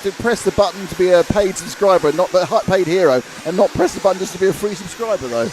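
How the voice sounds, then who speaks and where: A man's voice: high voice, fast talker, a little hiss or hum, low-quality recording. A man co-hosting casual live race commentary, joking and rambling through banter with his co-host. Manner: jokey, rambling, animated banter. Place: indoor RC race track venue.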